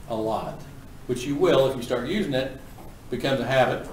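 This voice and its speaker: A man lecturing a class on auctioneering in a folksy, brisk, joking manner. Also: medium pitch, slight background noise. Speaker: auctioneering instructor. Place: classroom with students. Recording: echoey room from a distance.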